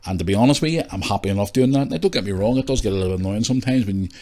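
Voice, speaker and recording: A man hosting a casual solo podcast, rambling, candid and quick to swear. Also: lowish voice, mellow. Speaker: podcast host.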